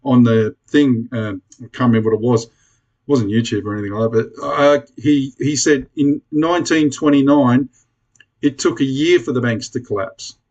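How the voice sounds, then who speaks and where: A man's voice: mid-range voice, normal speed, a little mellow, lo-fi sound. An Australian man ranting bluntly to camera in a casual vlog, swearing freely and pleading with his viewers. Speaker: prepper vlogger.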